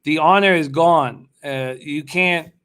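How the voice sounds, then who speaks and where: A man's voice: a little high, slow, fairly bright tone, smooth. Man hosting a casual betting show. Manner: loose, swears casually, talks while placing bets. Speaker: sports betting radio host. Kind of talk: casual live show chat.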